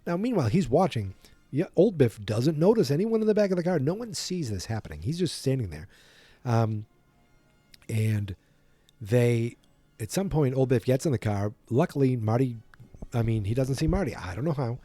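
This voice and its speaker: A man's voice: medium pitch, big pitch swings, normal speed, mellow, slightly rough, no room sound, faint music behind. Rambling, yawning male podcast host. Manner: rambling, self-correcting, yawning. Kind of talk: casual retelling from memory.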